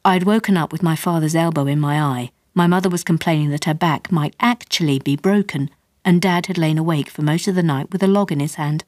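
A woman's voice: sits low, brisk, dry recording. Woman reading a comic memoir. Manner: lively comic storytelling, rising with excitement. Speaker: author reading her own memoir. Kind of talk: storybook reading. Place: radio studio.

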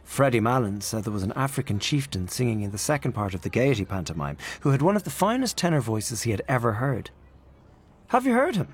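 A man narrates a literary story in a measured, expressive way. His voice sits on the lower side, and his intonation rises and falls a great deal. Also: slightly rough. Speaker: audiobook narrator.

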